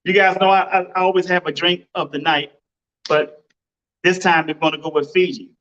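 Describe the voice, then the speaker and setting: A man's voice: high-pitched, steady tone, normal speed, fairly bright tone, highs cut off. A man hosting his own podcast, talking casually and emphatically, with lots of exclamations. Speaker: podcast host. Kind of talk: casual motivational podcast talk. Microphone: home computer setup microphone.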